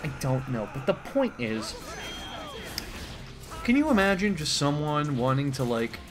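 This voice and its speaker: A man's voice: on the high side, sing-song, a little slow, soft background music. Sarcastic, rambling American man. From United States. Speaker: comedy commentator. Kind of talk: comedic dramatic reading.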